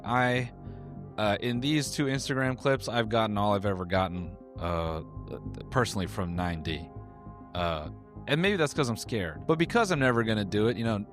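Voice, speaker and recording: A man giving comedic commentary, cracking sarcastic jokes between reading posts aloud. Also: medium pitch. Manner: joking, sarcastic asides.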